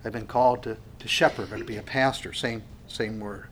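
A man's voice: lowish voice, steady tone, brisk, few pauses, a bit bright. A man preaching an expository sermon as a pastor, earnest and emphatic, often restarting and repeating words as he explains a passage.

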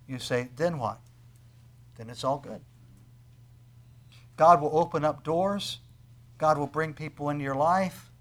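A middle-aged male pastor preaching a sermon, building to loud, soaring emphasis on scripture readings and then dropping back to a quiet, personal tone. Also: medium pitch.

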